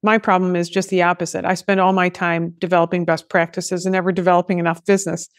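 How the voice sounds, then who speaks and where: A woman's voice: on the low side, flat delivery, fast, dry recording, studio quality. A woman hosting a podcast, talking in a chatty way with joking asides. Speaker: podcast host. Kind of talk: casual podcast conversation.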